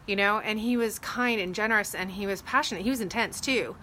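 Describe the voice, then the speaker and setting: Uma mulher fala de forma descontraída para a câmera sobre liderança e fé, contando histórias com falas encenadas de um jeito animado. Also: female voice, medium pitch, a little fast, few pauses, a little hiss or hum. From Texas. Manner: chatty, animated retelling with acted quotes. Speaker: real estate agent vlogger. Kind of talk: casual faith talk to camera.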